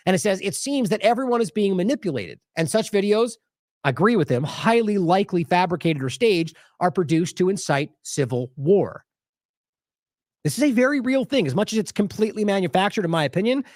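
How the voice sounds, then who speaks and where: A man's voice: high voice, no room sound, clean studio sound. A man hosting a news commentary show, talking casually and skeptically with many restarts and mocking quotes of what he plays. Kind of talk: casual commentary on video clips.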